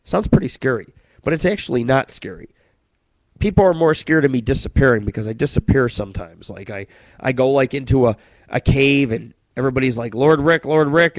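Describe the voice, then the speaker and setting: A man's voice: mid-range voice, dry recording, poor audio. Guy rambling and swearing on his own radio show, dry close mic. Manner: profane, rambling, boastful. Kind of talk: rambling comedic monologue.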